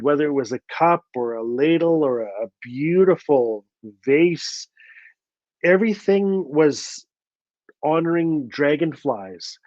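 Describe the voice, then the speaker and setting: A Canadian author telling stories to an audience in a live talk, repeating key lines for emphasis. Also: male voice, a little high, darkish tone, no room sound, dull audio. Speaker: author and storyteller.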